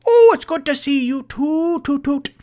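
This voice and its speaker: Mister Peabody, a man doing a squeaky excitable halfling host. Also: unhurried. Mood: fussing. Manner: excitable and eager to please. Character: pudgy, fussy, welcoming male halfling homeowner. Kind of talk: tabletop role-play voice acting.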